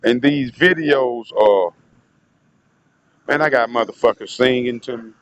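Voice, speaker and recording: A man's voice: mid-range voice, unhurried, crowd noise. A man telling a rambling, profane story in a casual vlog monologue, often turning to speak to his audience. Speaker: vlogger.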